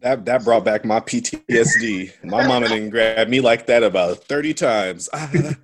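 A man's voice: mid-range voice, normal speed. A man co-hosting a podcast, joking around in slangy casual chat about a movie. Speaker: podcast co-host.

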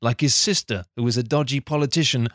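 A man co-hosting a comedy podcast, recapping a plot in a dry, deadpan way. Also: medium pitch, fast talker, no room sound. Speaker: podcast co-host. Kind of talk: deadpan comic plot summary.

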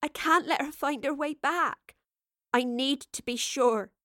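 A woman's voice: high voice, a little slow, a bit bright, no room sound, clean studio sound, pitched above the performer's own voice. A woman voicing a grief-stricken, self-sacrificing mother who speaks weakly with a tremor in her voice. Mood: weary. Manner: trembling, pleading, weary.

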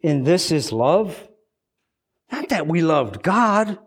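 A man's voice: a little high, sing-song, slow pace, husky. A man preaching a sermon, earnest and repeating words as he stresses his points.

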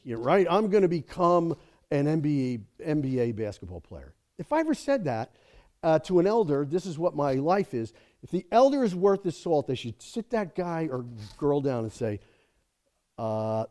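A middle-aged man giving a sermon in a mellow, relaxed tone that sits a little high for a man. He talks casually with the listeners, checks in with "okay?" and "right?", and builds up to emphatic peaks. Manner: conversational, rising to emphatic preaching with frequent "okay?" and "right?". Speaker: guest preacher.

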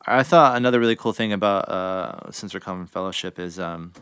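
Man, low smooth voice, casual podcast host, rambling, swearing, dry close sound. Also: brisk, a bit bright, dry recording. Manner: rambling, frequent fillers and swearing. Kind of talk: casual film chat.

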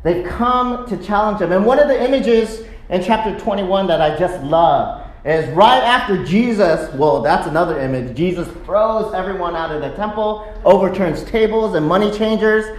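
A pastor preaching a sermon in a church sanctuary, telling a story with animated delivery and acting out quotes. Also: mid-range voice, normal speed, few pauses. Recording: echoey sanctuary room.

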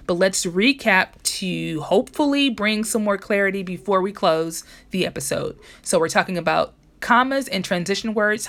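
A woman's voice: medium pitch, fairly bright tone. A woman hosting a podcast episode, teaching grammar in a chatty, casual way. She corrects herself often and talks straight to her listeners.

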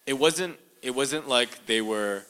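A young man gives a personal testimony in an interview before a live audience, earnest and halting, full of fillers and restarts. His mid-range voice has a sharp, clean tone, but the recording is rough.

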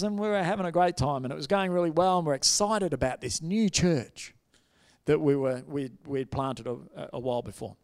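A middle-aged man, preaching a sermon and telling stories with lively, acted-out quotes. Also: a little high. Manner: animated storytelling, acts out quoted voices. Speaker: pastor.

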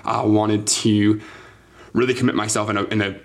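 A young man with a low voice that stays fairly flat speaks as a guest on a church podcast. He tells his story earnestly, filling pauses with um and like. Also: creaky. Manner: earnest, filler-heavy, says like and um often. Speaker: youth pastor, interview guest. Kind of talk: casual interview storytelling.

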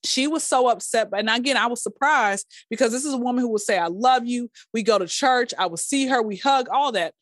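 A woman, a podcast guest, telling stories in a casual, animated way and acting out quotes in a high voice. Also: brisk, few pauses, no echo, studio quality. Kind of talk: casual storytelling chat.

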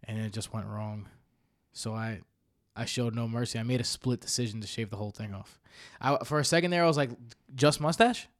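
A man's voice: lowish voice, brisk. A young man hosting a podcast, talking in a loose, chatty way with fillers. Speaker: podcast host. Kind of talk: casual podcast chat.

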